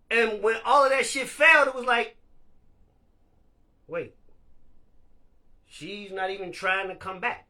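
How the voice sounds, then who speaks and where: A man's voice: high voice, a little slow, pauses often, bright, forceful tone. A man hosting a casual live chat, talking candidly and loosely, laughing often and swearing freely. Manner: speaks of being a leader. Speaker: live stream host.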